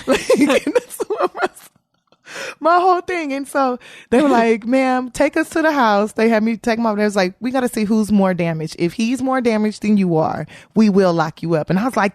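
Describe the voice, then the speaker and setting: A woman's voice: a little high, expressive, brisk, darkish tone, no echo, studio quality. A woman, a comedian guest, telling a candid story in an interview with slangy, profane speech and frequent laughter.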